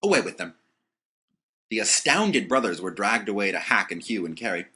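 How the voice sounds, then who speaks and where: A man narrating an audiobook with expressive storytelling. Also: fairly low pitch, brisk, husky.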